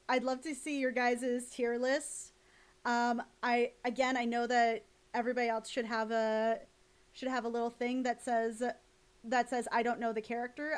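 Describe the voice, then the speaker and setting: Woman, high voice, excitable, giggly, casual stream chat. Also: clean tone. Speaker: streamer hosting a tier list.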